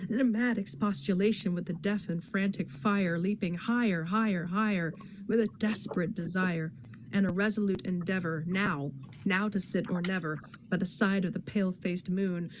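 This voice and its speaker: A woman reading poetry aloud in a dramatic, expressive recitation. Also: medium pitch, a little hiss or hum. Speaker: poetry reader in a readathon.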